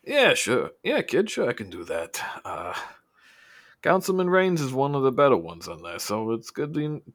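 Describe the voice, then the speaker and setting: A man voicing an excitable, stammering male street contact in a tabletop game. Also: medium pitch, normal speed, voice pushed up. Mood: eager. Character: fast-talking high-pitched male street contact.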